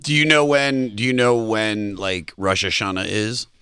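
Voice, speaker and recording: A man's voice: fairly low pitch, fairly even intonation, a little slow, pushed and bright, clear, resonant tone, no echo, studio quality. A man from Maryland co-hosting a comedy podcast, teasing and laughing through the banter. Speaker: podcast co-host. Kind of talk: casual comedy chat.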